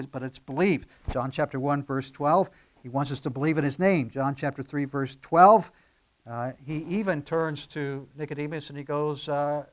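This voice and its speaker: A male pastor teaching through scripture in an earnest, explanatory sermon. His voice sits a little high, and he leans hard on key phrases with emphatic rises. He pauses on frequent fillers as he works through each point. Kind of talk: verse-by-verse sermon.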